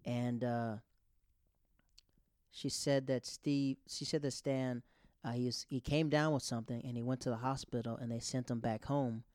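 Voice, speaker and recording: Man, thirties, casual grieving storytelling, halting with restarts, mid-pitched, dry close sound. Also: fairly even intonation, a little mellow, no echo. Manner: rambling, halting, with many restarts.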